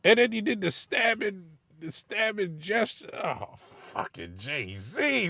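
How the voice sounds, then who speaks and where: A man giving casual, animated reaction commentary from inside his car, laughing and swearing as he critiques. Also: a little high, slow, vocal fry, no echo, studio quality. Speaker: music reaction vlogger.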